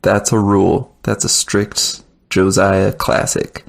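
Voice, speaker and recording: A man's voice: low-pitched, little pitch movement, slow pace, creaky, full character voice. A man voicing Josiah, a chess-hustling cowboy who is honest but a pushover, in a put-on Southern accent for a tabletop game. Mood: earnest. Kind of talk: tabletop role-play.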